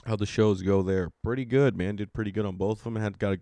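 Gravelly, profane comedian man. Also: on the low side, steady tone, fast, warm tone, no room sound. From California. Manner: profane, rambling, self-mocking. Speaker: stand-up comedian. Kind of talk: casual podcast monologue.

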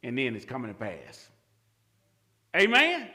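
A man pastor preaching a sermon, asking questions and answering them himself, swinging from quiet murmurs to loud shouts. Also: sits high, big pitch swings, measured pace, long pauses, long reverb tail.

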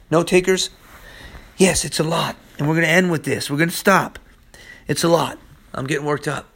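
A man giving an informal podcast sermon, swinging between loud exclaiming and quiet prayer. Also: mid-range voice. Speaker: preacher.

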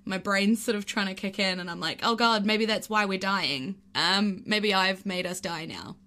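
A woman's voice: medium pitch, normal speed, sharp tone. A woman casually recounting a personal story, chatty and full of "like" and "um". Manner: chatty, peppered with "like" and "um".

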